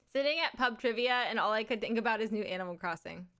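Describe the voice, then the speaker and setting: A woman live streamer chatting casually with crude, excitable, giggly banter. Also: medium pitch.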